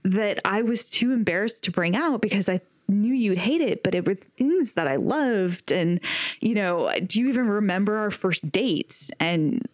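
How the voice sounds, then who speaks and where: A woman chatting casually on a podcast, gushing about a film as she recounts its scenes. Her delivery is animated, and laughter breaks in often. The recording is dull and lo-fi, in a dry, dead room. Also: medium pitch, normal speed, no echo. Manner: enthusiastic, animated retelling with frequent laughter. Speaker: podcast co-host reviewing a film. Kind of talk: casual chat.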